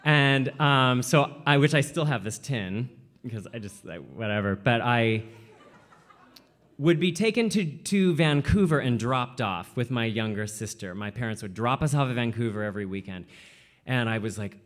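A man from Washington state telling a personal story, animated and full of "like" fillers, often slipping into quoted voices. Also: medium pitch, normal speed. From Washington state, USA.

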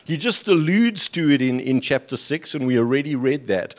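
A man's voice: mid-range voice, expressive, normal speed. A man preaching a sermon, reading scripture aloud with rising emphasis and breaking off for dry, sarcastic asides. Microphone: handheld or stand mic at a lectern.

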